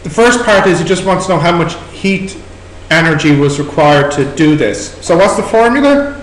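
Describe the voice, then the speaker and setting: Irish male maths tutor, quizzing students as he goes; high voice, roomy classroom sound with slight hiss. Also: expressive, normal speed. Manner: questioning, prompting students step by step. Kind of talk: working through exam questions with students. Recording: echoey room recording with background noise.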